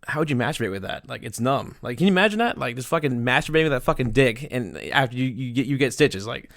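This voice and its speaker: A man's voice: medium pitch, expressive, quick pace, a bit bright, dry recording, clean studio sound. A man rambling crudely through closing thoughts on a casual podcast, swearing and laughing as he goes. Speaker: podcast producer.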